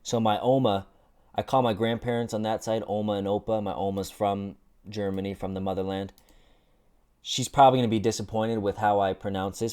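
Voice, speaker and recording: A man hosting a casual sports commentary vlog, animated and joking with lots of swearing. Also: fairly low pitch, brisk, clean tone. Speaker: host.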